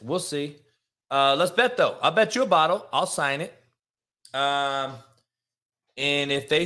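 A man's voice: a little high, pushed and bright. A man hosting a solo sports talk show, ranting in a brash, profane, combative way and talking to his live chat viewers. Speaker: show host.

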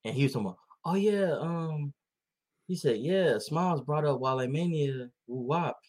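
A man's voice: on the high side, moderate pace. Laughing man telling a sports story. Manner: laughing often, animated storytelling. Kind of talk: casual chat.

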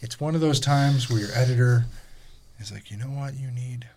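A man's voice: mid-range voice, normal speed. Guy on a podcast telling wild stories, swears a lot, does little voices, faint hiss behind. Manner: animated, swears freely, acts out people in his stories. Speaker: podcast host. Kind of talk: casual storytelling chat.

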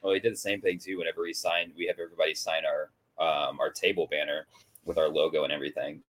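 Low, fast-talking man. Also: flat delivery, fairly bright tone. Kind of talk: casual chat.

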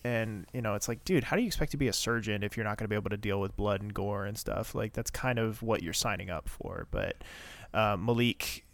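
A man's voice: on the low side, fairly quick, vocal fry, fairly bright tone, no room sound. A man co-hosting a podcast, casually recapping a TV episode in a rambling, chatty way. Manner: chatty, rambling with fillers and asides. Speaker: podcast co-host.

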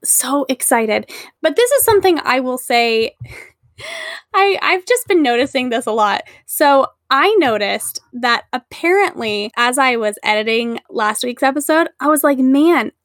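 High-voiced Californian woman, chatty. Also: measured pace, no room sound, studio quality. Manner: upward inflection, excitable and chatty. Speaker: podcast co-host. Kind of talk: casual chat.

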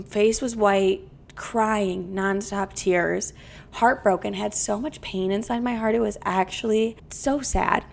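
A woman's voice: medium pitch, gravelly. A young woman podcast host and comedian telling a personal story in a casual, profane, confessional way. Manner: profane, confessional, chatty with frequent "like" fillers.

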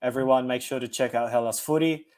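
A man's voice: medium pitch, steady tone, fast talker, a crowd in the background. A man hosting a casual football podcast, easygoing and wrapping up the show. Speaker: podcast host.

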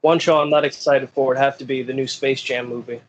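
A man's voice: medium pitch, fairly even intonation, a little fast. Guy on a podcast call cussing casually, muffled sound, a little hiss. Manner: blunt, swears casually. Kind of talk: casual chat.

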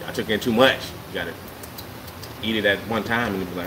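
A man co-hosting a podcast, bantering loosely in slang and getting loud when hyped. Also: lowish voice, fairly quick, long pauses, noisy background. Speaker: podcast co-host. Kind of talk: casual chat.

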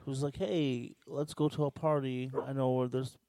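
A man's voice: medium pitch, normal speed, dry recording. A man casually telling a wild, crude story on a podcast, swearing freely. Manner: crude, profane, animated storyteller.

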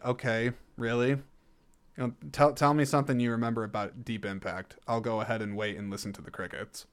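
A man's voice: medium pitch, fairly even intonation, fairly quick, smooth. A man hosting a casual film review, rambling and jokey, correcting himself as he goes. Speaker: podcast host reviewing a film.

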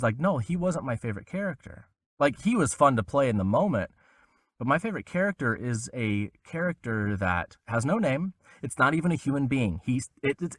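A young man tells a lively story as a podcast guest. His pitch swings widely as he puts on the voices of the people he quotes. The sound is dry and close, with no room around it. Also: dry recording. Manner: animated, acts out quoted voices with big pitch jumps. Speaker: voice actor guest. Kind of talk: casual storytelling interview.

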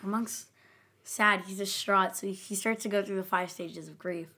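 A woman co-hosting a podcast in casual chat, animated, acting out scenes with sudden loud bursts and whispers. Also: medium pitch, moderate pace, husky. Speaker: podcast co-host.

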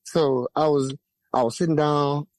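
A young man from Louisiana with a Louisiana accent, telling a profane, lively story as a podcast guest and acting out the voices of the people in it. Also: unhurried, no room sound. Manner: lively, profane, acts out quoted voices with big pitch jumps. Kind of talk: animated storytelling.

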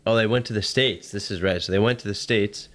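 Low-voiced canadian guy on a podcast, teasing his co-host, asks a lot of questions. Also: fairly quick, a bit bright. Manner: teasing, questioning, casual swearing. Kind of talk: casual chat.

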